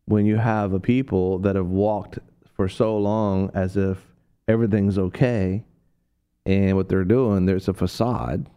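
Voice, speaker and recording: A man with a low, warm voice preaches on a radio talk show. He tells stories in a loose, rambling way, full of fillers and restarts, and jumps into a high voice to act out the people he quotes. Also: fairly even intonation, a little slow, clear, resonant tone, highs cut off.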